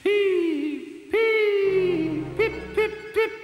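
A man's voice: extremely high pitch, extremely slow, roomy sound, big-room sound, music in the background, voice pushed up, full character voice. A man voicing a young male tank engine pretending to be a wailing ghost. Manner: wailing, sing-song.

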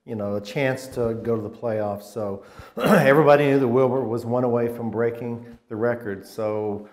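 A man in his sixties looks back on his college football days in a loose, rambling way, often restarting mid-sentence and getting animated at the highlights. His voice sits at an ordinary middle pitch and carries a noticeable roomy echo. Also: moderate pace. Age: 60s. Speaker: former college football player, alum guest. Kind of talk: casual interview, reminiscing.

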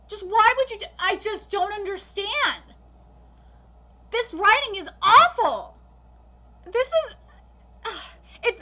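High, bright-voiced woman ranting. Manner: frequent swearing, halting restarts; exasperated and emphatic. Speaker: anime reaction host. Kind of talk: live reaction and critique.

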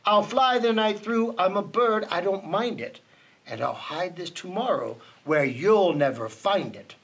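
A man's voice: sits high, lively intonation, a little slow, fairly bright tone, husky, full character voice. A man doing a sneering, mighty eagle. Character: mean mighty male eagle.

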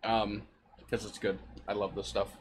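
A man's voice: fairly low pitch, level tone, normal speed, a little hiss or hum. A man streaming a game, giving rambling, jokey commentary and often laughing at his own jokes. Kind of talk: casual gameplay commentary.

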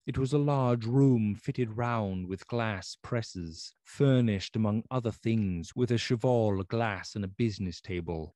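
A man narrating a classic novel in a steady, unhurried reading. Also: lowish voice, no echo. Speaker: audiobook narrator.

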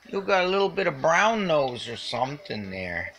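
A man's voice: fairly high pitch, big pitch swings, moderate pace, few pauses, a bit bright. A man filming his cat at home, coaxing it to meow with playful baby talk. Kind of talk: casual talk to a pet.

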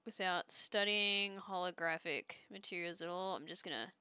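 Young aussie woman streaming while drawing, jokey rambly chat, bright clear voice, dry close mic. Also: fairly low pitch, normal speed, no echo. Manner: joking, rambling, with trailing restarts. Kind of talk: casual chat while drawing pixel art.

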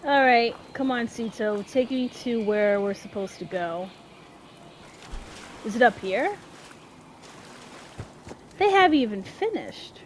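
A woman's voice: fairly high pitch, animated, takes it slowly, pauses often, slight background noise. A woman giving casual gameplay commentary, swearing and shrieking in panic as things go wrong. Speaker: gameplay streamer.

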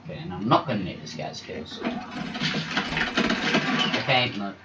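A man giving live gameplay commentary, excitable and chatty as he reacts aloud to each kill. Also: lowish voice, moderate pace, muffled recording. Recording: roomy with loud game music.

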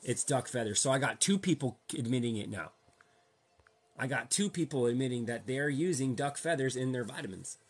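Husky-voiced man ranting casually. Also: mid-range voice, expressive, fairly quick. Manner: slangy, repetitive, rhetorical questions to the audience. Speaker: vlogger. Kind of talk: casual rant to viewers.

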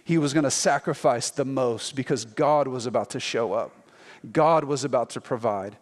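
A man preaching as a pastor, telling a scripture story in a lively, conversational way and acting out the quotes. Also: medium pitch, moderate pace, big-room sound. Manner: animated storytelling, acts out quotes in playful voices. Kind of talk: sermon.

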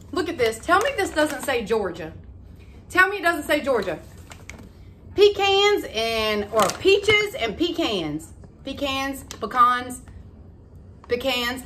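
A woman, chatting excitedly to her viewers in a casual haul vlog. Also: high voice, slight background noise. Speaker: vlogger.

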